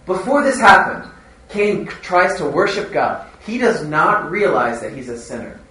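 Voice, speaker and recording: A man's voice: high-pitched, sing-song, a little slow, sharp tone. A man preaching a sermon in an earnest manner, driving points home through repetition. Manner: earnest, repetitive emphasis, rising and falling delivery. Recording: roomy echo, heard from a distance, faint ambience.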